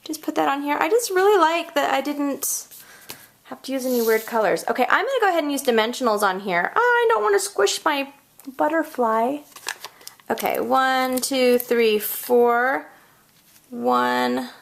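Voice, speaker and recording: A woman in her thirties hosting a casual card-making tutorial, bubbly and chatty, squealing when she gets excited. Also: high voice, moderate pace, creaky, slight background noise. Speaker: crafting tutorial host.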